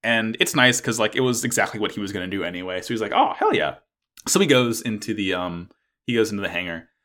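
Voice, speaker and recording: A man's voice: on the low side, fast talker, pushed and bright. A man recapping a plot in casual chat, rambling with lots of fillers and swearing. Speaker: podcast co-host recapping an anime.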